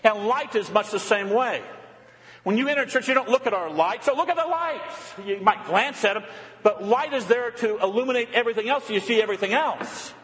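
A man preaching a sermon as pastor, emphatic, rising high and then dropping to a low murmur. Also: brisk, fairly bright tone. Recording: long reverb of a church hall.

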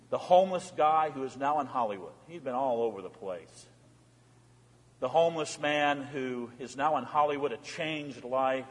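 High-voiced preacher in an echoing church. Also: male voice, a bit bright. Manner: emphatic preaching with repeated rhetorical questions. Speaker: pastor. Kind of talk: sermon. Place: church sanctuary. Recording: long church reverb.

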